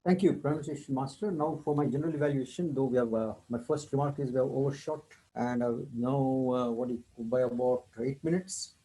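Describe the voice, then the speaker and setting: A man leads the general evaluation of a club meeting. His voice is mellow and warm. He speaks in a measured way, pausing with fillers. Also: mid-range voice, low-quality recording.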